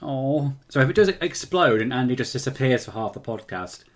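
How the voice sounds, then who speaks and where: A man's voice: mid-range voice, lively intonation, moderate pace. A man co-hosting a casual podcast, a little tipsy and giggly as he chats. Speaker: podcast co-host. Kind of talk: casual chat.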